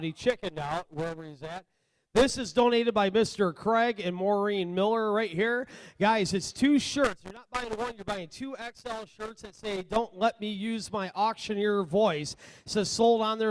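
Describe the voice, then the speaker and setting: High-voiced man chanting auction bids. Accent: Midwestern American. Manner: rhythmic fast chant with filler phrases. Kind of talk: auction bid calling. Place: event hall.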